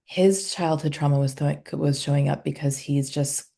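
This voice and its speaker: Low, gravelly-voiced woman telling session stories. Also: fairly even intonation, normal speed, dark tone. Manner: recounts client sessions, acting out quoted dialogue. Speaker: somatic healer and couples facilitator, guest. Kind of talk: conversational podcast interview.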